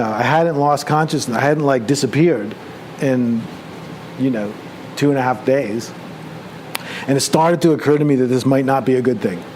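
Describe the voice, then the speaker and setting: A male meditation teacher telling a personal story during a retreat talk, conversational and animated as he acts out his own excited thoughts. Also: medium pitch, a little hiss or hum. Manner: relaxed, conversational, with many fillers.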